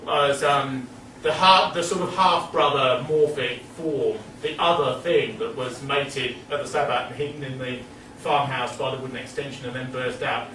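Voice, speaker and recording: A man's voice: mid-range voice, pushed and bright. A man giving a public lecture, rambling and digressive with many fillers. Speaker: speaker. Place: meeting hall. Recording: echoey hall, distant mic, noisy.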